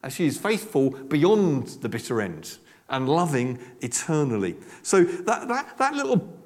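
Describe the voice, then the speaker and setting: Animated older preacher in a reverberant hall. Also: male voice, a little high, a little slow. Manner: animated, emphatic, with frequent repeated words and asides. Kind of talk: sermon. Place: church hall.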